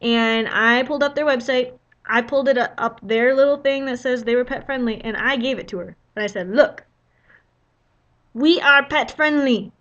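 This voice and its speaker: A woman's voice: a little high, brisk, few pauses, a bit bright, lo-fi sound. A young woman telling a travel story in a casual vlog, chatty and full of "you know" fillers. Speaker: vlogger.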